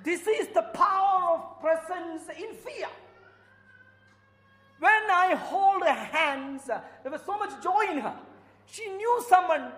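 A man's voice: extremely high pitch, expressive, normal speed, a bit bright. A man with an Indian accent who is studying for the priesthood, preaching a sermon through stories that rise to fervent emphasis. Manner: storytelling, rising to fervent emphasis. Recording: echoey church with long reverb.

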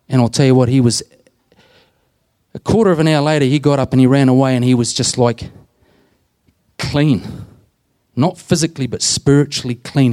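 Speaking as a deacon and prison minister, a man recounts stories during an interview with an earnest, plain-spoken manner, performing the dialogue as he goes. He has a warm, mid-range voice.

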